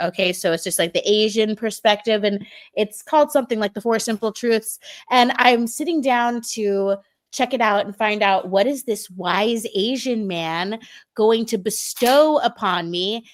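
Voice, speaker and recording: Woman guest, earnest storyteller, middle pitch. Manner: earnest, blessing-giving, storytelling. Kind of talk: casual talk show chat.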